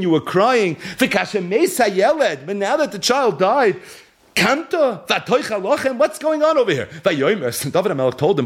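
A man giving a Torah lesson, reading verses and translating them line by line in an animated storytelling manner, acting out quotes with sudden exclamations. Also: mid-range voice. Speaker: Torah teacher.

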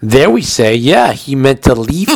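A man's voice: medium pitch, sing-song, unhurried, gravelly, a little mellow, slightly rough, dry recording. Chatty man teaching halacha. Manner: chatty, explains with everyday examples. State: has the hiccups. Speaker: Torah teacher. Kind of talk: recorded halacha lecture.

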